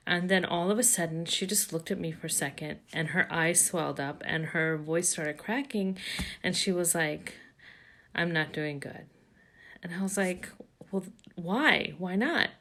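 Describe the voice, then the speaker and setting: Middle-aged woman life coach, casual chatty advice to camera, slightly low voice, lots of "you know". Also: a bit bright. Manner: conversational, retells dialogue, many fillers. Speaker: coach for mothers.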